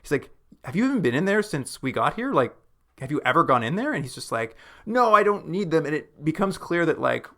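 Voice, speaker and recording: A man co-hosting a film podcast, casually retelling scenes and slipping into quick acted-out lines of dialogue with lots of "like" fillers. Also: fairly high pitch, big pitch swings, a bit bright. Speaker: podcast co-host.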